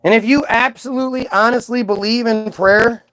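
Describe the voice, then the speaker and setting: High-voiced man ranting with profanity. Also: fairly even intonation, normal speed, hardly any pauses, fairly bright tone, no room sound. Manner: profane, sarcastic, mocking. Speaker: vlogger. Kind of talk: ranting monologue.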